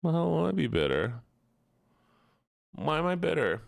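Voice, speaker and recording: A man's voice: a little high, very animated, moderate pace, vocal fry, no room sound, studio quality. A man streaming live, chatting casually with his audience in a playful, teasing way full of mock outrage.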